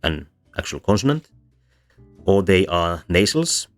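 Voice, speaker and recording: Low-voiced guy explaining stuff, lots of ums, quiet music in the back. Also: animated, a little slow. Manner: hesitant, many ums and restarts. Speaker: VTuber lecturer on linguistics. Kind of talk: casual explanatory lecture. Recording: soft background music under voice.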